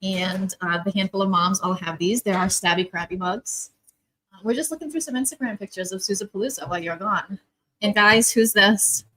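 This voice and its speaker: A woman co-hosts a casual livestream, rambling along while she sorts out screens and muting. Her voice is at a middle pitch and easygoing. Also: brisk, pushed and bright, rough recording. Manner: rambling, fumbling with tech. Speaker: co-host.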